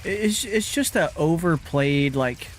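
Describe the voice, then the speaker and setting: A man streams a game with casual, rambling commentary, mocking himself and swearing freely. His voice is on the high side and animated at a measured pace, with slight background noise.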